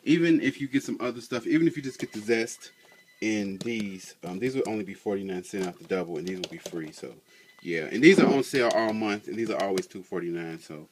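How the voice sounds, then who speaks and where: A man's voice: on the low side, brisk, a little hiss or hum. A man vlogging about couponing, telling a store story in a casual, colloquial way and acting out both sides of an argument. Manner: colloquial, chatty, frequent "you know".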